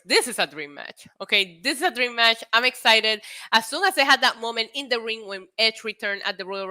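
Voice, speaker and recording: A young woman streamer chatting casually on a live stream, telling stories in an excitable, animated way with lots of swearing. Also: a little high.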